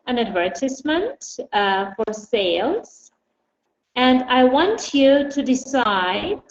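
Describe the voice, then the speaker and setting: A woman teaching an English lesson, patiently calling on students by name. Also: on the high side. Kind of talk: online language lesson. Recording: echoey, dull, lightly noisy.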